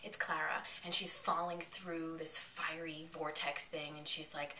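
Excitable woman in an echoey room. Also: deep voice, unhurried, noisy background. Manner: excitable, chatty retelling with quoted lines. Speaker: vlogger reviewing an episode. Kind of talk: casual episode recap. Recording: echoey room, mic at a distance.

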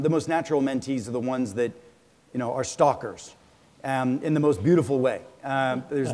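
A man's voice: medium pitch, warm tone. A man with an ordinary mid-range voice hosting a live onstage conversation. He talks with drive and conviction and takes questions from the audience. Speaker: interviewer and moderator.

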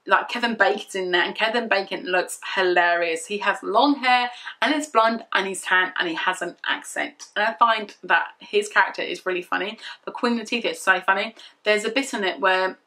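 Bright-voiced woman vlogger. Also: medium pitch, moderate pace. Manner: rambling, repetitive and gushing. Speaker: beauty vlogger. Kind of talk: casual product review.

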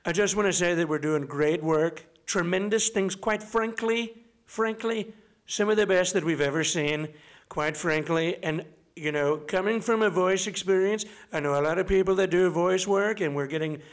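A man putting on a boastful politician who rambles and repeats himself, in a fairly high voice. Self-assured and meandering. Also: normal speed. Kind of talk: impression.

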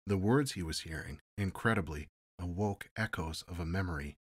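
Deep-voiced man reading a story. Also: moderate pace, slightly rough. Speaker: narrator. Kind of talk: audiobook reading of a classic sci-fi story.

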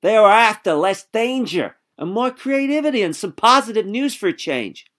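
A man voicing a pushy businesswoman with a breathy, husky, over-the-top theatrical voice, in an audiobook. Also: mid-range voice, sing-song, normal speed, voice pushed up, close to an everyday voice. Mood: persuasive.

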